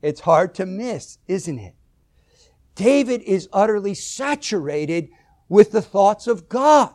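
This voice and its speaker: Emphatic high-voiced male preacher. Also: big pitch swings, slow pace. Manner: emphatic, swells loud on key words; reads scripture aloud at length. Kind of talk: sermon.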